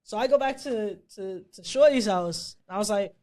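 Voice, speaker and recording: Animated laughing woman podcast host. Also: medium pitch, moderate pace. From Bermuda. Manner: animated, laughing, swearing freely. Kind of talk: casual storytelling chat.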